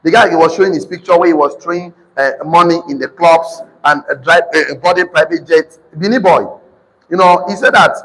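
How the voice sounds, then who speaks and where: A man with a Nigerian accent preaching to a live congregation, calling for responses and slowly repeating key lines for notes. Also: fairly high pitch, husky. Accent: Nigerian English. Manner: sudden shouted emphasis. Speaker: motivational preacher. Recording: reverberant hall.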